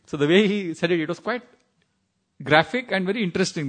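A man from India speaks with an Indian accent in a fairly high voice as he leads a scripture class. He tells stories, recites Sanskrit verses and laughs at times. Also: animated, a little fast. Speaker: spiritual teacher.

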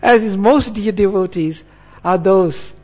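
Male preacher with a high voice, earnest and unhurried, explaining scripture to a class. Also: darkish tone. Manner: earnest, checks in with listeners by asking "hmm?". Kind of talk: sermon.

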